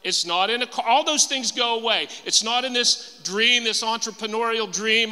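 A man's voice: sits high, expressive, normal speed, few pauses, pushed and bright, smooth. A male pastor preaching a sermon in a church auditorium, emphatic and repeating phrases for stress. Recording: long hall reverb, faint music.

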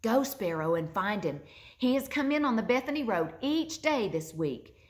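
A woman reading a storybook aloud and voicing an eager, lively young boy. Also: fairly high pitch, moderate pace, voice pushed up. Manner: bright, excited, scolding fondly.

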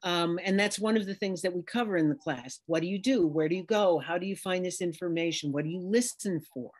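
A woman's voice: lowish voice, a little fast, breathy edge. A middle-aged woman from New York City, a dialect coach, talking casually and expressively in an interview. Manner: animated, expressive, talks in images and examples.

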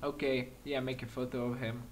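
A man giving excitable let's-play commentary while acting as a patrol cop in a game, speaking non-native English with small slips, swearing and laughing often. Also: medium pitch, fairly quick, slight background noise. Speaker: gaming commentator.

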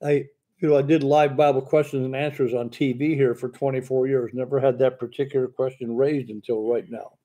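A man's voice: mid-range voice, steady tone, fairly quick, mellow. An older male preacher with a stammer, teaching in a live Bible question and answer. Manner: stammers in speech, fluent when preaching. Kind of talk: sermon-style Bible Q&A.

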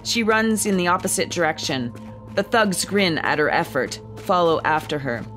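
Female screenplay narrator, somewhat low voice, calm delivery, soft music underneath. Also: moderate pace. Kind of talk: screenplay reading.

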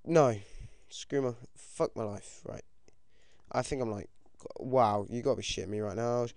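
A British teenage boy giving casual, excitable commentary over his own game, swearing often and yelping when things go wrong. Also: fairly low pitch, normal speed, gravelly, clean tone, no echo, clean studio sound. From United Kingdom. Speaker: gaming commentator.

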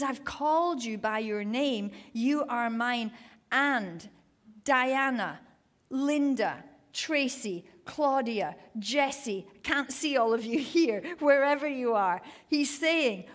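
A woman's voice: a little high, slow pace. Woman preaching and reading scripture. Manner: reads scripture aloud, then exhorts the listeners; clears her throat now and then. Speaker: women's ministry speaker.

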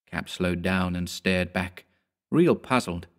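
Guy with a low voice reading a creepy story, steady and measured. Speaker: audiobook narrator. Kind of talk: scripted horror story narration.

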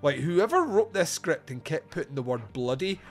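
Lively, animated male podcast host. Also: fairly high pitch, moderate pace, soft background music. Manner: animated, laughs often, swears freely. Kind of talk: casual film review chat.

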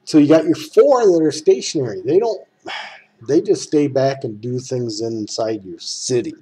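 A man who makes game tutorials talks straight to the viewer in a casual screen recording, walking through a computer game in a folksy, rambling way. His voice is medium-pitched, mellow and slightly rough, animated, at a normal pace.

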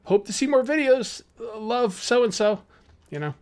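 A young adult man giving casual let's-play commentary as a gaming YouTuber, chatty and excitable, full of rambling asides. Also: very high-pitched, unhurried, slight background noise.

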